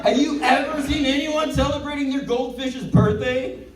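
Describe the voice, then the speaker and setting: A male stand-up comedian doing a set, excitable and rambling, laughing at his own jokes. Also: very high-pitched, moderate pace, crowd noise. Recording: echoey room from far off.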